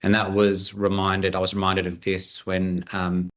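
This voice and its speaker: Low-voiced man presenting online. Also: completely flat delivery, a little slow, a bit bright. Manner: earnest, chatty, with frequent fillers. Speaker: conference presenter. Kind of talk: online conference talk. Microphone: video call.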